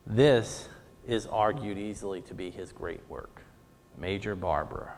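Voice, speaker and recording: A man's voice: low-pitched, unhurried, a little mellow, big-room sound, a little hiss or hum. A man teaching a theatre class in a conversational lecture, full of "you know" fillers and paraphrased quotes. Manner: paraphrases characters in quoted speech. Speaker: theatre instructor.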